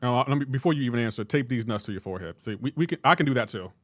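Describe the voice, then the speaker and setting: A young man live-streaming a mobile game, joking back and forth with his chat in a casual, animated way. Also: medium pitch, racing, background noise.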